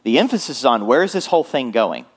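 A man's voice: medium pitch, big pitch swings, fast, slightly rough. Male pastor, conversational sermon delivery, frequent check-ins with the congregation. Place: church.

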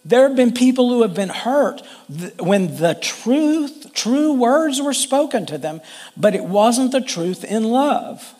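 A man preaching a sermon in a high, light voice at an unhurried pace. He speaks as a pastor in an earnest, conversational way. His sentences often stop and start again as he works through his thoughts. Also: big pitch swings, darkish tone.

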